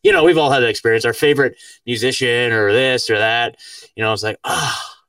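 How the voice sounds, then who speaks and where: A man's voice: mid-range voice, fast talker, fairly bright tone, clean tone, dry recording. A man hosting a podcast in casual conversation, rambling with lots of filler words and easy laughter. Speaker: podcast host. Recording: dry, distant from the mic.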